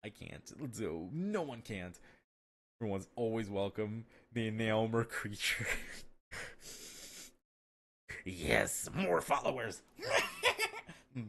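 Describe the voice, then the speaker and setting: A man's voice: fairly low pitch, huge pitch swings, takes it slowly, gravelly, long pauses, a bit bright. A man chatting casually on a live stream, rambling and swearing, full of fillers and restarts and laughing at his own jokes.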